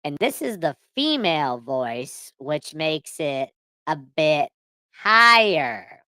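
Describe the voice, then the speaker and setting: A man's voice: fairly high pitch, big pitch swings, slow pace, pushed and bright, clean tone, no room sound, pitched above the performer's own voice, exaggerated voice. A man speaking through a voice changer set to a female voice, explaining the effect plainly. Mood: demonstrating. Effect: female voice-changer filter.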